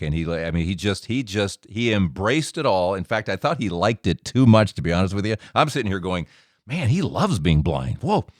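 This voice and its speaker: A middle-aged man hosting a show, telling a personal story in an animated way and acting out the dialogue. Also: no room sound, studio quality. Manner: animated, acts out dialogue with big pitch jumps. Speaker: podcast host. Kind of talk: storytelling monologue.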